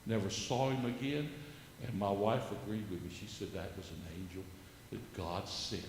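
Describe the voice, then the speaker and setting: A man's voice: on the low side, moderate pace. An older man telling a personal testimony during a church service, earnest and building into fervent preaching. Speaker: church member giving testimony. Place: church sanctuary. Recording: echoey church hall with faint background noise.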